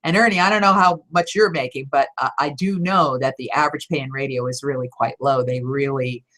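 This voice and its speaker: Middle-aged lady voice coach chatting through viewer questions, low voice, lively and self-deprecating. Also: brisk. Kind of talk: casual live Q&A talk.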